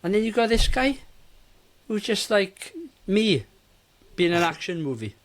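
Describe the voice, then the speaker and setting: A man co-hosting a casual movie review podcast, talking in an animated, rambling way and often interrupting himself. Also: sits high, a little slow. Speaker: podcast co-host.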